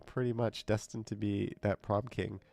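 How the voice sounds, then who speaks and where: A man's voice: on the low side, flat delivery, moderate pace, gravelly, a little mellow, no echo. A man with a stuffed-up, nasal voice from a cold, chatting casually on a live stream as he reads viewer comments aloud and answers them. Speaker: live streamer reading chat. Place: indoors.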